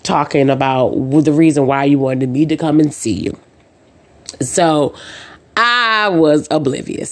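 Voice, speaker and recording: Low-voiced woman chatting on her podcast. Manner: chatty storyteller who acts out dialogue; says "um" and "uh" often. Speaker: podcast host. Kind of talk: casual chat.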